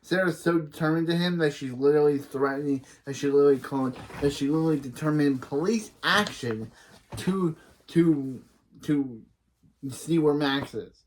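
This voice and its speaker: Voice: medium pitch, normal speed. Rambling reaction host recapping an episode. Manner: rambling, with many restarts.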